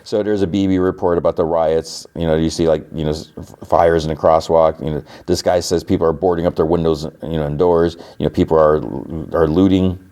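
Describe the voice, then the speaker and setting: Male podcast host, very low voice, warm and mellow, rambling casual chat. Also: flat delivery, fairly quick, few pauses, smooth. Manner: rambling, with frequent fillers. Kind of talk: casual chat recapping a TV episode.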